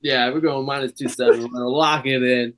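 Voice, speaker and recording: A man's voice: mid-range voice, steady tone, a little fast. A man co-hosting a casual fight podcast, laughing often while he goes through fighters' records. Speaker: podcast co-host. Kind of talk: casual chat.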